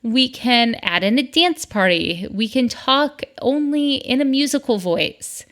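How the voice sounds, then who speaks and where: A woman's voice: fairly high pitch, expressive, a little slow, a bit bright. A middle-aged woman from the northern United States hosting a solo podcast, chatty and upbeat, with asides. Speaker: podcast host.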